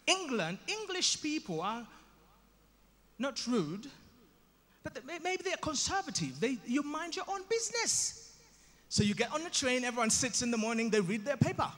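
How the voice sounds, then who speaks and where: A man from Uganda with a Ugandan accent doing animated stand-up storytelling, acting out voices with self-mocking asides. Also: very high-pitched. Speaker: stand-up comedian. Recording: live in an echoey hall.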